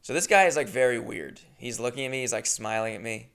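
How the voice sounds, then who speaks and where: A young man hosting a podcast, telling a comedic story in a rambling, profane, animated way. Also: medium pitch, quick pace, gravelly, clean tone. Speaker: podcast host.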